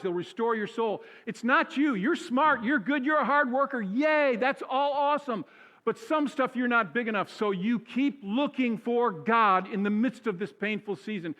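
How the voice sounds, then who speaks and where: A man's voice: high voice, a bit bright. A male pastor preaching a sermon in a conversational way, repeating key phrases for emphasis. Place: church sanctuary. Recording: church hall with long reverb.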